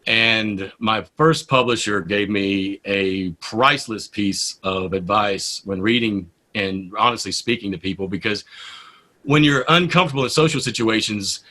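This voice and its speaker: A man with a bright, forceful voice tells stories as an interview guest. He is a poet and radio host, and he talks in a lively, animated way. His voice sits at a middle pitch. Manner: animated storyteller. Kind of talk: casual interview storytelling.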